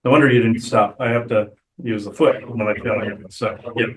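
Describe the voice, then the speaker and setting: A man hosting and channeling, talking casually in a halting way with many restarts. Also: lowish voice, steady tone, a crowd in the background. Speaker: channeler and show host. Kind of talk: casual chat. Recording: roomy echo.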